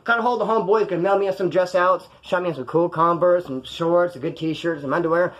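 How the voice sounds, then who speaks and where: A man with a Californian accent tells stories from prison in a loose, rambling monologue. He talks fast in a fairly high voice, swears freely, and jumps into the voices of other people in his stories. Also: lo-fi sound. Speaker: podcast host telling prison stories. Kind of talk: casual storytelling monologue.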